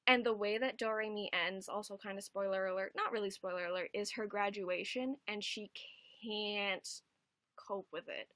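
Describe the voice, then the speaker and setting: A woman's voice: mid-range voice, fairly even intonation, moderate pace, fairly bright tone, dry recording. A young adult woman chatting casually on a home livestream, rambling and swearing casually.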